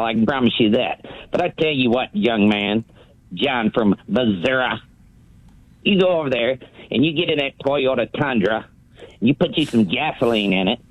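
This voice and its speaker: A man's voice: medium pitch, no echo. A man calling in to a sports radio show and ranting theatrically, mocking a rival caller and repeating "young man". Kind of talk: fired-up sports radio rant. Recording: muffled phone line.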